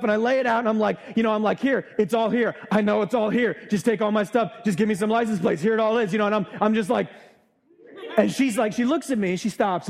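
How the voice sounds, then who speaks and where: A male pastor preaching a sermon, telling a lively personal story and acting out the exchanges in church. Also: high-pitched.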